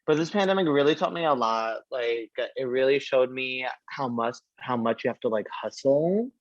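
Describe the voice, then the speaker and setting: A drag performer from Brooklyn, chatting in a sassy, slangy way and laughing often. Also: male voice, mid-range voice, expressive, moderate pace, no echo, highs cut off. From Brooklyn, New York. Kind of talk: casual podcast chat.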